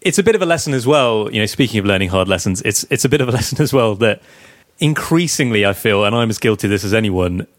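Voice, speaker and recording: A man's voice: fairly low pitch, animated, quick pace, no echo, studio quality. A man co-hosting a casual cricket podcast, chatty and teasing, often laughing while he talks. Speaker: podcast co-host.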